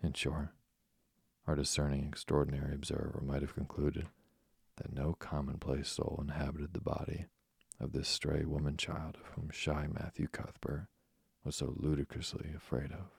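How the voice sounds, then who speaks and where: A man narrating a bedtime story in a slow, soothing reading. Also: a bass voice, little pitch movement, gravelly, breathy edge, dry recording, clean studio sound.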